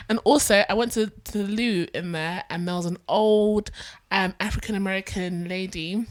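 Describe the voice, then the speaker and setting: A woman's voice: medium pitch, a little fast. A young woman with a London accent chatting on a podcast, telling stories animatedly and acting out the people in them. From England. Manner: animated storyteller, acts out voices with laughter. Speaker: podcast co-host. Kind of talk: casual chat.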